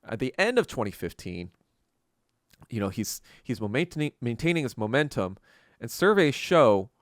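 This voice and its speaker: A man's voice: medium pitch, big pitch swings, moderate pace, no room sound, studio quality. A man hosting a solo podcast, talking at length in a loose, rambling way with lots of fillers, restarts and casual swearing. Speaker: podcast host. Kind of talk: long solo commentary monologue.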